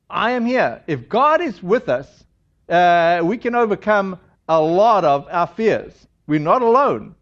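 A pastor with a high voice gives a chatty, conversational sermon, retelling a scripture passage and often stepping aside for tangents. The recording has its high frequencies cut off.

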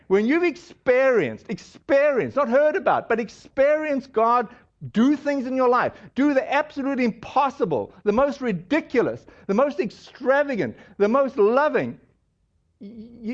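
A man preaching a sermon in a conversational, storytelling way, with animated asides. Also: high voice, muffled recording. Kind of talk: sermon with personal testimony.

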